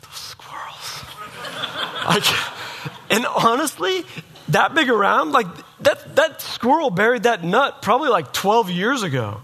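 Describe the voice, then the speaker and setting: A man's voice: extremely high pitch, big pitch swings, measured pace, sharp tone, slight background noise. A man preaching a sermon in a casual, storytelling way, acting out the voices of people in his story. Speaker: pastor.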